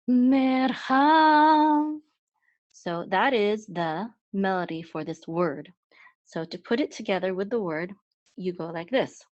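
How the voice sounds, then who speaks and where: In a dull, dry, lo-fi recording with no room sound, a woman with a lowish voice gives a slow, step-by-step Hebrew reading lesson. She patiently repeats each sound several times.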